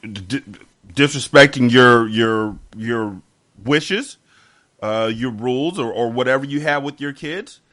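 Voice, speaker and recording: Man, podcast host, casual chat, emphatic, repeats words when heated, mid pitch. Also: measured pace, a bit bright.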